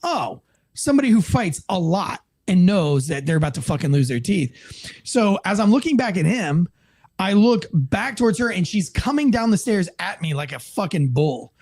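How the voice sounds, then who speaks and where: An American man and former police officer telling a story in a casual interview, animated and profane, acting out the people in it. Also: high voice, normal speed. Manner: animated, profane, acts out quoted voices.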